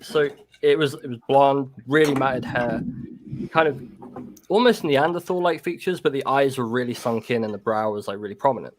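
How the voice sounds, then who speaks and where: A man recounting a personal encounter in casual conversation, halting and full of restarts and "like". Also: mid-range voice, noisy background.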